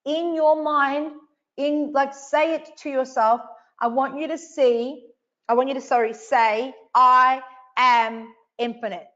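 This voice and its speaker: A woman's voice: high voice, fairly even intonation, takes it slowly, a bit bright, highs cut off. A woman hosting a live online coaching session, emphatic and repetitive, swearing casually as she speaks to viewers. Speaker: online event host.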